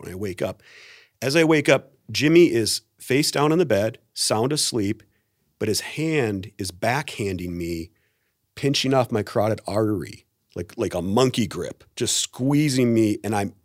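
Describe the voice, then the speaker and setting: A man's voice: fairly low pitch, no room sound, clean studio sound. A middle-aged man, a pastor and guest, telling a personal story in a podcast interview and acting out the quotes. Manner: animated storyteller, acts out quotes.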